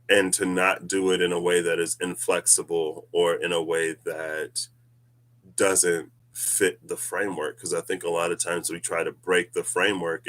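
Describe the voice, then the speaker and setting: Deep-voiced man musing on spirituality. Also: fairly bright tone. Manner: rambling, musing, laughs often. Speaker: tarot reader. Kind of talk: casual spiritual reading vlog.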